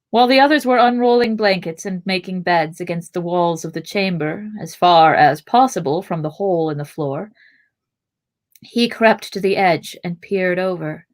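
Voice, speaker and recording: Woman narrating a fantasy novel aloud. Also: lowish voice. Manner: expressive narration, chatty asides. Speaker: podcast host and reader. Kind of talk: reading a novel aloud with asides.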